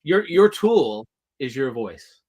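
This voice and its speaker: A man's voice: medium pitch, sing-song, takes it slowly, darkish tone. A man hosting a live-stream interview over a video call, eagerly reading out viewer questions with rambling lead-ins. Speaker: host.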